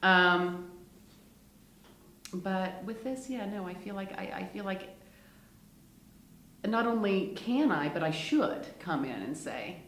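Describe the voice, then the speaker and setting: Actress, interview guest, lower voice, relaxed and chatty, a lot of "you know", echoey room. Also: female voice, slow, pauses often. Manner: chatty, laughs often, many fillers. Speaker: actress in a one-woman show. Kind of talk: casual interview chat. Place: lounge at a theater. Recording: roomy echo.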